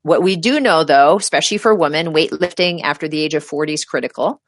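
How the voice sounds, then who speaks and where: A woman's voice: low-pitched, fast, no echo, studio quality. A middle-aged woman, a healthcare provider, giving emphatic advice as a guest in a casual interview and acting out her patients. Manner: animated, emphatic, acts out quoted patients.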